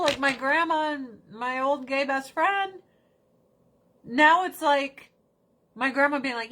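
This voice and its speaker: A bright, forceful woman hosts a livestream, talking casually. She is animated and swears freely, rushing some phrases and dragging others out slowly. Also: sits high. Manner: animated, breaks into mocking put-on voices; swears casually, talks fast then drags words out. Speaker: livestream host.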